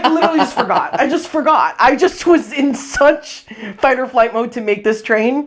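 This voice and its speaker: A woman co-hosting a podcast, telling a funny story in casual chat, animated, swearing freely and acting out her own lines. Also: high-pitched, a little fast, few pauses. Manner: animated, swearing, acts out her own quotes, laughs often. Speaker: podcast co-host. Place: podcast recording space.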